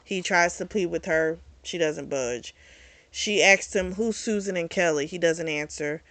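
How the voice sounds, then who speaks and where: A woman hosting a book club channel, recapping a novel in a casual, animated way and swearing freely. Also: on the low side, measured pace, dry recording.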